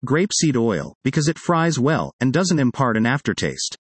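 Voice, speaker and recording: Wry, expressive male essay reader. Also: medium pitch, moderate pace, slightly rough, dry recording. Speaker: narrator. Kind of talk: reading a personal essay aloud.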